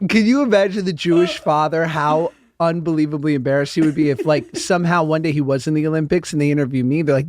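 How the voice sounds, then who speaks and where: A man's voice: fairly high pitch, fast, few pauses, no echo, studio quality. A man in his thirties, a podcast host, telling a birth story in casual chat, jokey and laughing often.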